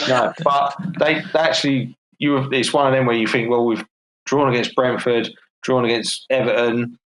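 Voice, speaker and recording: A man with a London accent talks football in a loose, opinionated way. His pitch sits in an ordinary middle range, and he laughs easily between points. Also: steady tone, normal speed, a bit bright, echoey room, rough recording. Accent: London English. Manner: chatty, opinionated, laughs often. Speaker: podcast co-host. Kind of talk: casual football chat.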